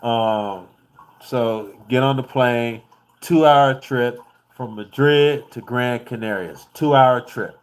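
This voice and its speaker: A man's voice: medium pitch, slow pace, smooth. Laid-back American man telling a travel story. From United States. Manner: loose, profane and laid-back, laughs often. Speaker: vlogger.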